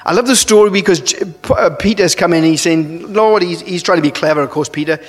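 A man preaching a sermon, earnest and halting, often restarting his phrases and pushing up into emphatic rises. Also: fairly high pitch. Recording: long reverb of a large hall.

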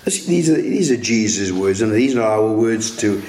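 A man's voice: on the low side, expressive, a little slow, dark tone, echoey room. A male pastor preaching a sermon earnestly, with frequent restarts and rising emphatic peaks.

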